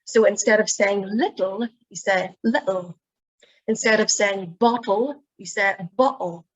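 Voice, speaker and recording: Her fairly high voice comes through a muffled recording as she leads an online presentation skills workshop. A middle-aged woman with a Northern Irish accent, she chats and explains, showing examples of voice habits.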